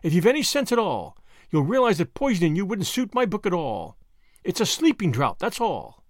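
A man's voice: high-pitched, dry recording, clean studio sound, exaggerated voice. Man voicing a cold imperious villainess. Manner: sharp, imperious and scornful. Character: cold menacing older woman villain.

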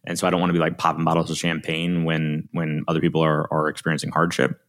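A man's voice: a bass voice, monotone, quick pace, a bit bright. A man from Alabama with a Southern accent, chatting casually as an interview guest, informal and rambling with many fillers. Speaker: industrial cybersecurity guest.

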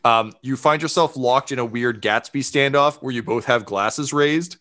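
A man's voice: mid-range voice, normal speed, bright, forceful tone. Laid-back man running a tabletop game. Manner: loose, filler-heavy storytelling. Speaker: game master.

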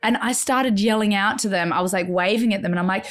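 A woman's voice: mid-range voice, quick pace, hardly any pauses. Aussie lady host, chatty, acts out every voice in her story. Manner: animated, acts out quoted voices. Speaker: podcast host. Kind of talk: casual storytelling chat.

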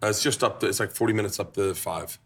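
A man in his forties hosting a cooking show, telling stories in a lively, joking way with some swearing. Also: on the low side, fast. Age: 40s. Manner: animated storyteller, swearing, laughing. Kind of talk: casual chat. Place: kitchen on a show set.

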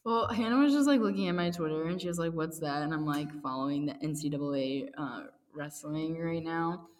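A woman's voice: low-pitched, fairly quick. A young woman co-hosting a casual sports chat, giggly and chatty with lots of fillers. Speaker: podcast co-host. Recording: echoey room with long reverb.

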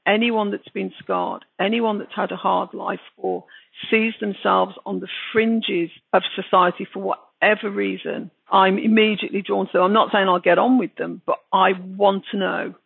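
Gravelly Brummie woman on a tinny line. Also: medium pitch, dry recording. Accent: Birmingham. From Birmingham, England. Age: 60s. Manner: frank, emphatic storytelling. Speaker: guest author. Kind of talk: reflective interview talk. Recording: dry, tinny phone-like line.

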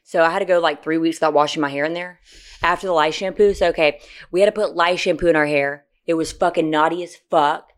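A woman in casual podcast chat, telling stories loudly and profanely, with sudden shrieks of laughter. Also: deep voice, fast talker. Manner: loud animated storytelling, profane, bursts into shrieking laughs. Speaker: podcast co-host.

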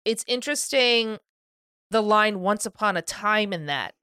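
A woman co-hosting a podcast, chatting casually with animated, enthusiastic energy and frequent laughter. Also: mid-range voice, a little slow, smooth, no echo, clean studio sound. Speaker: podcast co-host. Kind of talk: casual chat.

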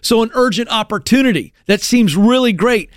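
A middle-aged man hosting a talk show, telling stories in an animated way with many restarts and acted exclamations. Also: very high-pitched, normal speed, dry recording, studio quality. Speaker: radio show host.

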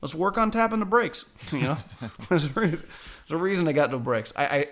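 A man in his thirties from Northern California, a former pro defensive lineman hosting casual sports talk, animated and blunt with frequent swearing. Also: on the high side, brisk.

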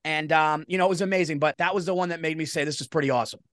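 A middle-aged man, a comedian guest telling stories in a rambling, animated way. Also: on the high side, very fast, clean tone, no echo, studio quality. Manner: animated, rambling, self-interrupting. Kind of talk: casual interview storytelling.

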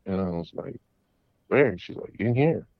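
A man's voice: deep voice, lively intonation, moderate pace, creaky, no room sound. Rambling man on lo-fi audio. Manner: rambling, with many restarts and repeated words. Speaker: caller. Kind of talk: casual storytelling. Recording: dull lo-fi audio.

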